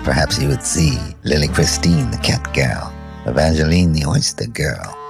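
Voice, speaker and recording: A man's voice: very deep voice, expressive, moderate pace, gravelly. A man hosting a radio music show, introducing records with dry, wry narration. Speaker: radio host.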